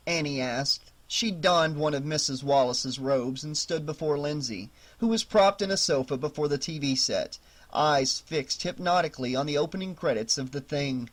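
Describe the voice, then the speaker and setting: A man narrating a horror novel audiobook in a steady, measured storytelling voice. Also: on the high side.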